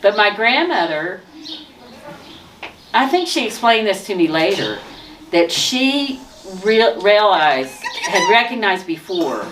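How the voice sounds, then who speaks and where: A woman telling her personal testimony in a lively way, often laughing and restarting her sentences. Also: medium pitch, slow. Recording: distant mic with noise.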